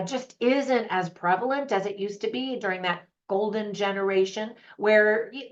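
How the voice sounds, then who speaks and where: A woman hosting her own movie review channel, chatting to camera with opinionated, laughing asides. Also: medium pitch. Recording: slightly dull lo-fi audio.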